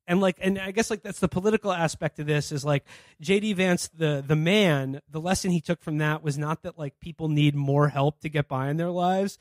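A man co-hosts a casual comedy podcast, cursing freely, laughing, and acting out the characters in scenes he retells. His voice is a little high and fairly quick, recorded in clean studio sound with no room sound.

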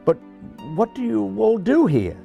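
A shy, humble scarecrow who stammers through every sentence, as a man reading a storybook puts him on. His voice is pitched high and small, rising in polite bewilderment. Soft music sits far behind. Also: wildly swooping pitch, a little slow, gravelly, lo-fi sound, exaggerated voice. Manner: stammering, apologetic. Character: humble, timid male scarecrow.

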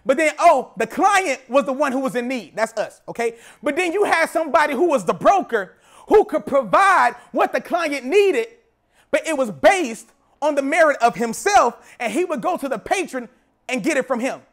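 A young man preaching a sermon, telling a story and repeating phrases as he builds to shouting. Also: very high voice, animated, moderate pace. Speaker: pastor.

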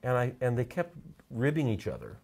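A man, a portrait photographer, telling stories in a casual interview, halting and repeating words as he gets emotional. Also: medium pitch, sing-song, a little mellow, husky.

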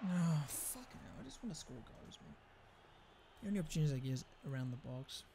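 A man's voice: on the high side, very animated, quick pace, gravelly, mellow, slight background noise. Exasperated young man ranting over a game. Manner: exasperated, swearing outbursts at the game. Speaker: gaming channel host. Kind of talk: casual gaming banter.

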